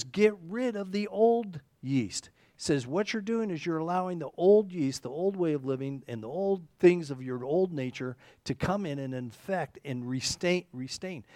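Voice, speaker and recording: A man's voice: fairly high pitch, dark tone, no room sound. A man preaching a conversational sermon, rambling and correcting himself, often checking in with "okay?". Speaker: pastor.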